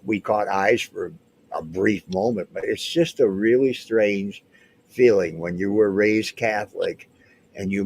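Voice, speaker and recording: A man's voice: lowish voice, darkish tone. A man in his seventies telling stories in a rambling way in a casual chat, often restarting his sentences. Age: 70s. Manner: rambling storyteller with frequent restarts. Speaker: guest recounting past events.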